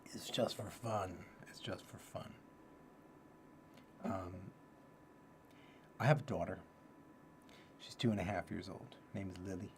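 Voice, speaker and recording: A man's voice: low-pitched, moderate pace, long pauses, slight background noise. A man hosting a casual livestream talk, thinking aloud and repeating his key phrases. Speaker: livestream host teaching self-development ideas.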